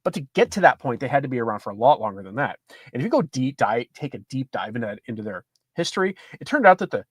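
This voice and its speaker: A Catholic commentator from the United States reading an article aloud and commenting on it with sardonic asides. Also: male voice, mid-range voice, fast talker, husky, no room sound, studio quality. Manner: animated, sardonic, laughs at his own reading.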